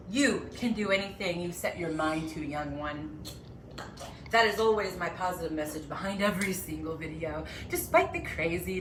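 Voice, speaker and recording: A theatrical, mocking female Satan, played by a woman, swings between hushed whispers and loud declarations in a comedy monologue. Her pitch sits in a middle range. The voice comes from off-mic in an echoey room with faint ambience behind it. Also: recorded from a distance, a little hiss or hum, natural voice.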